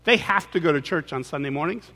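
A man preaching a humorous sermon in a conversational, teasing way with animated asides. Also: on the high side, fast talker, in a large hall.

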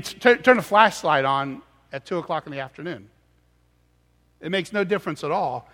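A man's voice: on the high side, a bit bright, big-room sound. A man preaching a sermon as pastor, earnest and explanatory, often restarting his words.

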